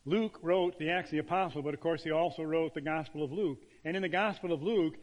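Brief: male pastor preaching, fairly high voice, long church reverb. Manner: emphatic preaching with dramatic pauses. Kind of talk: sermon.

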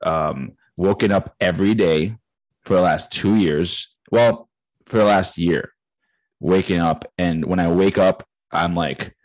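A man's voice: sits low, a little slow, dry recording, low-quality recording. A man in his late thirties co-hosting a podcast, telling a story in a casual, profane way, acting out conversations and laughing often. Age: 30s. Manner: profane, animated storytelling, acting out quoted dialogue, frequent laughter. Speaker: podcast co-host. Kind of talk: casual chat.

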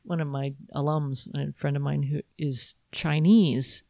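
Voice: mid-range voice, steady tone, measured pace, creaky, a little mellow, no room sound, studio quality. A podcast co-host chatting casually, reacting and teasing the others. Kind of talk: casual chat.

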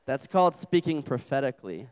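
A man's voice: medium pitch, sing-song, fairly quick, a little mellow, clear, resonant tone. A young adult man preaching a humorous sermon to a campus group, telling self-deprecating stories as a father. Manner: joking, self-deprecating storyteller.

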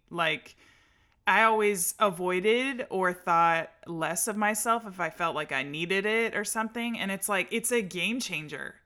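Bright, enthusiastic woman host. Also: fairly low pitch. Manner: enthusiastic, affirming, many fillers. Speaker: podcast host. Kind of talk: casual interview chat.

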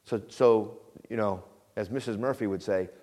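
A middle-aged man preaching a calm, conversational sermon in a church, often dropping to a quiet low voice and asking the congregation questions. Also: moderate pace. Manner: asks the congregation questions and repeats phrases. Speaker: pastor. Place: church sanctuary.

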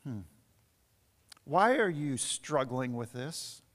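A man with a mid-range voice and big pitch swings preaches slowly as pastor, using stories to build up to emphatic points. Quiet asides give way to strong emphasis, and the sound carries the long reverb of a church hall.

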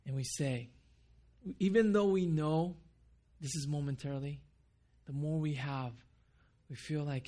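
Unhurried and mellow, with a voice pitched a little high, a pastor delivers an earnest sermon inside a church building. He poses questions to the congregation and leans on repetition for emphasis.

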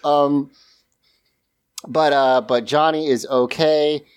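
A man's voice: a little high, steady tone, slow, smooth. A man casually recapping a TV episode on a podcast, rambling and laughing often as he talks. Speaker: podcast co-host.

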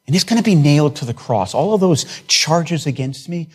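A man's voice: fairly high pitch, animated, a little fast, few pauses, darkish tone, husky. A man preaching a sermon in an earnest way, building emphasis through repeated phrases. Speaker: pastor.

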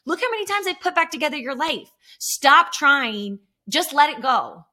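Lady doing a smug god voice, high, bossy, teasing, in a chatty podcast. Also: big pitch swings, moderate pace, bright, forceful tone, heavily acted. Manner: mock-bossy, playful. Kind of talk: casual chat.

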